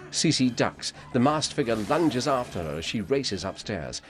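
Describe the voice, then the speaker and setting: A man reading calm, measured audio description over a film. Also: mid-range voice. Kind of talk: scripted narration.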